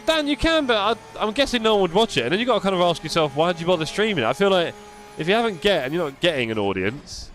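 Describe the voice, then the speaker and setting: A man's voice: fairly high pitch, a bit bright. Chatty male sim racing streamer. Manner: chatty, answers viewer chat by name, self-deprecating. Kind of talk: casual live-stream chat while racing.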